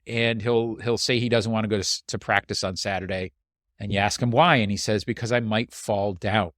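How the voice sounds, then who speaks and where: In a reflective solo episode of his podcast, a lowish-voiced man, a host and coach, looks back on the past year. He speaks in an earnest, heartfelt, slow and deliberate way, and the recording is dry with clean studio sound.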